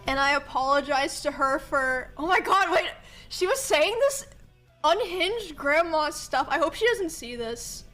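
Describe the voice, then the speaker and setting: A young woman streamer with a high, bright voice tells family stories to her live chat. She is chatty and giggles through her sentences, saying 'like' constantly. Soft music plays faintly behind her. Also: animated, unhurried. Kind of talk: casual storytelling to a live chat.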